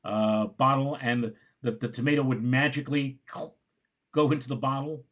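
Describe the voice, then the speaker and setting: A man co-hosting a casual chat, relaxed and teasing, reading quiz questions. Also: mid-range voice, normal speed. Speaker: co-host. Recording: dull lo-fi sound.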